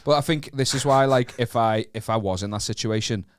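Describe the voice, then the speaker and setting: A man's voice: lowish voice, a little fast, dry recording, clean studio sound. A man from northern England co-hosting a podcast, speaking hesitantly and mocking himself as he stumbles over his words. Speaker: podcast co-host. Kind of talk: casual chat.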